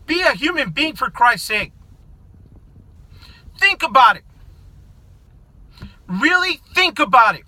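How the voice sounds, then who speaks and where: A middle-aged American vlogger delivers an angry political rant to camera, profane and confrontational, often breaking into shouts. His unusually high voice is sharp and bright, with a sing-song quality, a slow pace and long pauses, in a dry recording with no room echo.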